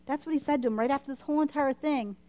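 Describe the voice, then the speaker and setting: A woman's voice: sits high, racing, dark tone. A woman preaching to a church congregation, impassioned and emphatic, repeating her points for force. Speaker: church speaker. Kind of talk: sermon. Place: church service.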